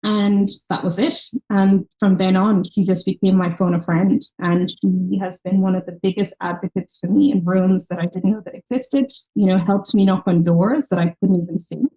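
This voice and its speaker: A woman from Ireland, a startup founder speaking as a guest in a conversational interview and telling her story in an animated way. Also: mid-range voice, normal speed, hardly any pauses. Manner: animated storyteller who acts out quoted people. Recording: slightly dull lo-fi recording.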